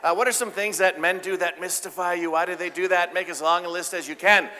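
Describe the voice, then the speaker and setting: A man giving a live keynote talk, playful and joking, getting the audience to shout out answers. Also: high-pitched, fairly even intonation, fast. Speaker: keynote speaker. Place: large event hall with audience. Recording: live hall with reverb.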